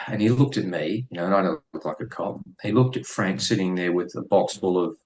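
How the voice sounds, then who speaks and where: A middle-aged man with an Australian accent speaks in a fairly low register. He tells his story as an interview guest in a blunt, profane and lively way. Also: a little fast, poor audio. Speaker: guest, former police officer.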